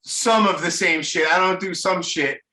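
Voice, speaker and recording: A man's voice: high-pitched, sharp tone, echoey room. A man in his forties with a Brooklyn accent, hosting a podcast in casual, profane chat. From Brooklyn, New York. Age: 40s. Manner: profane, fast-talking, laughs easily. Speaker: podcast host.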